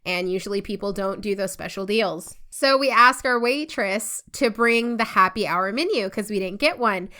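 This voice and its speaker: Woman co-host, chatty storyteller, bright tone. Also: medium pitch, normal speed, few pauses, smooth. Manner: chatty storyteller, laughs often. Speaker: podcast co-host. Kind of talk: casual chat.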